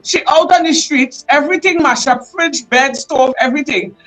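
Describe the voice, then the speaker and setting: A woman's voice: high voice, normal speed, a bit bright, faint music behind, rough recording. A woman with a Trinidadian accent hosting a livestream, emotional and fired up, often raising her voice as she speaks out. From Trinidad and Tobago. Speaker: livestream host. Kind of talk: impassioned live commentary.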